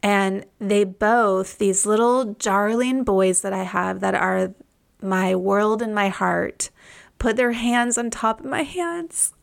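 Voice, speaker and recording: A woman's voice: mid-range voice, slow pace, gravelly. A woman in her thirties hosting a podcast, telling a personal story in a reflective, heartfelt way. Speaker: podcast host.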